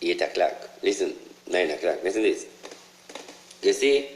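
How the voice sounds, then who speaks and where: A man with a Jamaican accent delivering a casual, preachy monologue, profane and repetitive, his voice jumping high whenever he drives a point home. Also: big pitch swings, unhurried, reverberant, poor audio. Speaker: online ranter.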